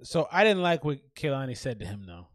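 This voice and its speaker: A man's voice: medium pitch, sing-song, a little fast, no echo, clean studio sound. A young man co-hosting a casual podcast chat, opinionated and emphatic, often stammering and restarting. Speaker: podcast co-host. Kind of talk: casual chat recapping a reality show.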